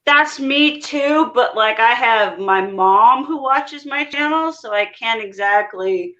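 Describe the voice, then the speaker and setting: High, bright young woman on dull audio. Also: animated, takes it slowly. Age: young adult. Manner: chatty, candid, swears and acts out quotes. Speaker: guest. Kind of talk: casual chat.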